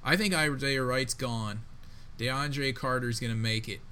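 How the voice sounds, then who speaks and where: A man co-hosting a casual sports podcast, talking in an emphatic, excitable way with plenty of slang. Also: mid-range voice, measured pace, slight background noise. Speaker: podcast co-host.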